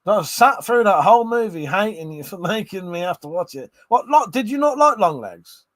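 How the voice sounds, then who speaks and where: A man's voice: sits high, very animated, normal speed, fairly bright tone, no echo. A tipsy man hosting a casual livestream, reading viewer comments aloud, laughing often and swearing freely. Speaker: livestream host.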